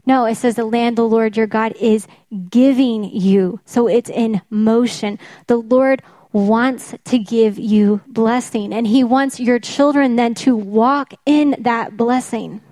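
A woman's voice: on the high side, fairly even intonation, slow, darkish tone, no echo. A woman preaching a sermon, emphatic, often repeating her key phrases for weight.

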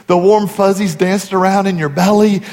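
A man's voice: high voice, steady tone, normal speed, a little mellow. A man in his forties, a pastor giving a sermon in an earnest, conversational storytelling way. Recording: long hall reverb.

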